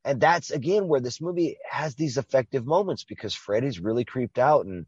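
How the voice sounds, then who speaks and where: An excitable man talks through a horror film with friends, cursing happily and laughing between points. His voice sits in a middle register and comes through a dull, muffled lo-fi recording with almost no room sound. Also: mid-range voice, moderate pace, husky, no room sound. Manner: enthusiastic, profane, laughs often. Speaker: podcast co-host. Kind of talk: casual movie discussion.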